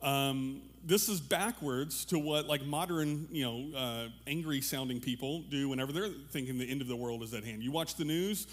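A pastor giving a relaxed, conversational sermon to his congregation, joking with them and restarting his sentences often. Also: medium pitch, fairly quick, few pauses. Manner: casual, animated, joking, many fillers and restarts. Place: church room with a congregation.

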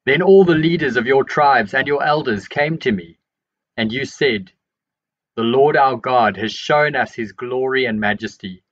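A man reading Bible passages aloud in a measured, steady voice. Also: mid-range voice, dull audio. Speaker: Bible reader. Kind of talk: scripture reading.

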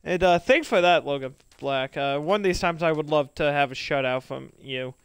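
A young man streaming a game, chatting casually and excitably with many fillers and laughs. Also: fairly high pitch, normal speed, clear, resonant tone. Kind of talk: casual gaming chat.

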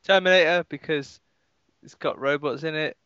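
Giggly guy on a game podcast, short deadpan jokes, smooth bright voice, dry lo-fi mic. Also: fairly high pitch, normal speed, no room sound. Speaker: podcast co-host. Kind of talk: casual gaming podcast chat.

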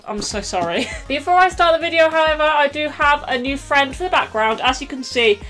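A woman's voice: sits high, animated, brisk, a bit bright, faint music behind. Bubbly young woman unboxing. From United Kingdom. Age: young adult. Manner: bubbly, apologetic, self-mocking. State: slightly out of breath. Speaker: vlogger. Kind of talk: casual unboxing chat.

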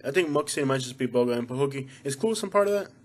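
A man's voice: medium pitch, animated, very fast. A young man from Florida with a Southern accent, vlogging casually with a jokey, rambling, self-mocking manner. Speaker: YouTube vlogger. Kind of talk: casual joking vlog.

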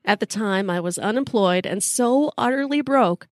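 A woman's voice: medium pitch, lively intonation, moderate pace, dry recording, studio quality. Wry woman telling a story. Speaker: podcast host.

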